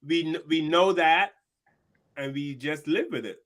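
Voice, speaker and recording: A man with a bright, somewhat high voice co-hosts a casual talk show. He tells stories from his own life in an easy, conversational way and acts out the other people in them. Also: a little slow. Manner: storytelling, acts out quoted people. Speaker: podcast co-host. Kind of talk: casual discussion.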